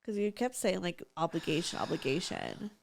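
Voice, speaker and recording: A woman's voice: fairly low pitch, very animated, normal speed, vocal fry. A woman podcast host chatting casually, mostly giving short supportive responses. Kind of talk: casual chat.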